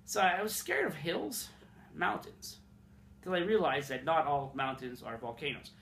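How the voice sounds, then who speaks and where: A man's voice: a little high, animated, measured pace, creaky, fairly bright tone, echoey room. A young man from Montreal, rambling and swearing as he tells funny childhood stories in a casual vlog. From Montreal, Canada. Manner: rambling, profane, self-mocking. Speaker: vlogger. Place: room in his apartment.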